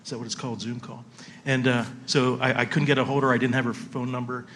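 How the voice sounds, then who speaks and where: Relaxed male panel moderator, mid-pitched, faint hiss behind. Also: fast. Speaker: panel moderator, rescue mission worker. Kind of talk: panel discussion.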